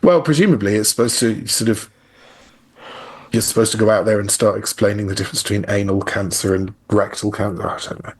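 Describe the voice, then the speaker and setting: A man's voice: lowish voice, brisk, husky. A man speaking as an interview guest in a candid, reflective conversation with a wry edge. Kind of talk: casual conversation.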